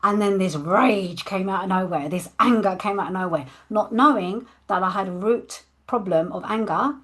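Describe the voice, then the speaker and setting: A woman's voice: mid-range voice, moderate pace, husky. Candid woman telling her story. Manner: candid and expressive, acting out her past thoughts. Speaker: coach. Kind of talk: personal storytelling monologue.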